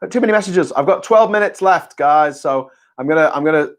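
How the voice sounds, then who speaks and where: A man hosts a casual live chat. He reads out viewer messages and answers them in a blunt, sarcastic way, swearing freely. His voice sits somewhat high for a man. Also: animated, a little fast. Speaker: host.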